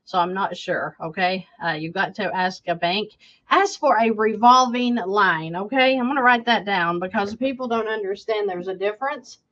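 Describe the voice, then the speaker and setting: A woman's voice: medium pitch, moderate pace, a bit bright, dull audio. A woman, a financial coach, answers viewer questions emphatically and keeps checking in with "okay?". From United States.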